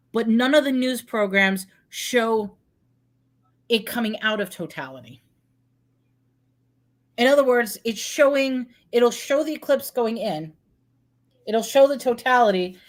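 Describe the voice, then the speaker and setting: A woman hosting a live online chat, talking in an animated, questioning way. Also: a little high. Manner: animated, questioning, puts on a cutesy sing-song for props. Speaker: host. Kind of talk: casual live-stream chat.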